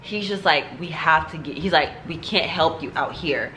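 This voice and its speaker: A young woman vlogger telling a story in a casual, animated way, talking straight to her viewers and acting out what people said. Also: deep voice, normal speed, a little hiss or hum. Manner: animated, talks straight to viewers, acts out quotes.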